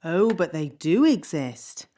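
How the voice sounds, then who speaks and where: Nanny Plum, a fussy fairy nanny. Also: female voice, lowish voice, sing-song, takes it slowly, warm tone. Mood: bossy. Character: fussy fairy nanny, middle-aged woman.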